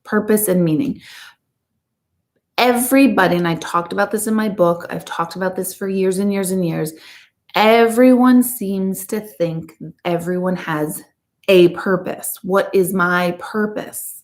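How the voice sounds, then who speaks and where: A woman's voice: medium pitch, unhurried, a little mellow. A middle-aged woman and intuitive coach, chatting casually and candidly to her viewers in a blunt, talkative way. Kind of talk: casual live chat to viewers.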